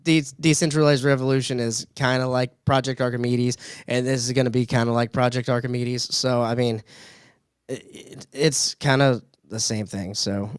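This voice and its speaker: A man's voice: medium pitch, steady tone, clear, resonant tone, no echo, studio quality. A man on a casual political podcast, speaking hesitantly with many ums. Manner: hesitant, halting, lots of ums. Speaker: podcast co-host, party board member.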